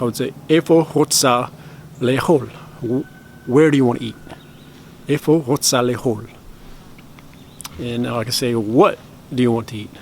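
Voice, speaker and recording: A man with a medium-pitched voice talks casually to camera about learning a language, rambling through long explanations and correcting himself along the way. He practices phrases slowly and carefully, and a little hiss or hum is audible.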